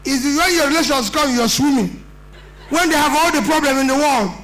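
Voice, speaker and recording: Emphatic high-voiced Nigerian man. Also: a little fast, fairly bright tone, rough recording. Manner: earnest, emphatic, plain-spoken. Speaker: political speaker. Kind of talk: conference speech.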